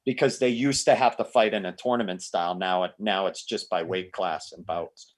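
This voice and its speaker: A man in casual podcast chat, an excitable storyteller who stammers through restarts and swears freely. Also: low-pitched, moderate pace.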